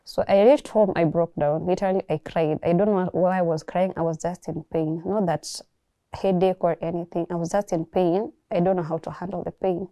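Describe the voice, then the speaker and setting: A young Kenyan woman calmly telling her personal story, reflective and soft-spoken, often pausing to restart a thought. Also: on the low side, no room sound, studio quality. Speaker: guest sharing her story. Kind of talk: personal testimony.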